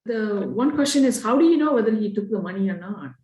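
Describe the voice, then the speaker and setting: A woman's voice: medium pitch, lively intonation, quick pace, darkish tone, roomy sound, low-quality recording. A woman taking part in a workshop discussion, questioning the example and reasoning it out aloud. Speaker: workshop participant. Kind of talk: discussion comment.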